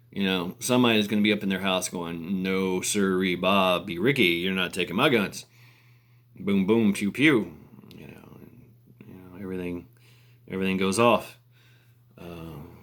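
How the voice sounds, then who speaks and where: A man's voice: sits low, gravelly, a bit bright. A man ranting casually on camera, rambling with fillers, restarts and laughter. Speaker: vlogger. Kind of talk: casual rant.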